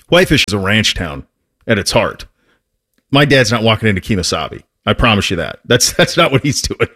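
Man telling a story on his show. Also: mid-range voice. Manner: animated, with frequent restarts and laughs. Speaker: host. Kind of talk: casual storytelling.

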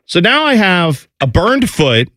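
A man in his thirties tells a chaotic family story on a morning show. His voice is a little high and swings up and down as he does his kids' voices. The sound is dry and close. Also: unhurried, no echo. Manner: animated, acts out family voices, laughs while telling. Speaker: radio show co-host.

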